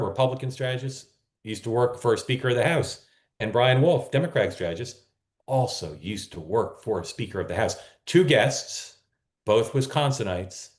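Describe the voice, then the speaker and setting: Low-voiced rambling male show host. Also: roomy sound. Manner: rambling, self-correcting, chatty. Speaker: political talk show host. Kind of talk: casual live-stream talk.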